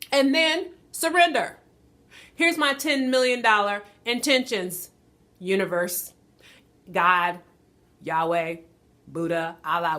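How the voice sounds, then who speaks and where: A woman vlogger giving an animated spiritual talk, preaching and laughing often. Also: a little high.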